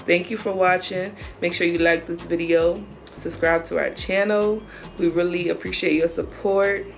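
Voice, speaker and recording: A woman's voice: fairly low pitch, vocal fry. A woman, chatting upbeat to viewers as a vlog co-host. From South Carolina, US. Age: 30s. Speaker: vlogger co-host. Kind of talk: casual chat to camera.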